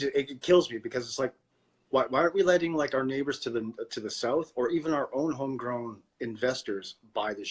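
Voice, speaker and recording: A man's voice: medium pitch, slightly rough. A man from Canada co-hosting a podcast, ranting about politics in a profane, worked-up way and often repeating words. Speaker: podcast co-host. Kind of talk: casual political chat.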